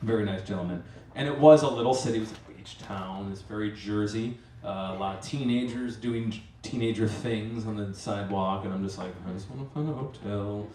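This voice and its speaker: A man's voice: lowish voice, fairly even intonation, a little fast, dark tone, a little hiss or hum. Man telling a comic story live. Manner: rambling, self-mocking, acts out his own asides. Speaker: storyteller and master of ceremonies. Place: stage at a live storytelling event. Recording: roomy live venue, mic from far off.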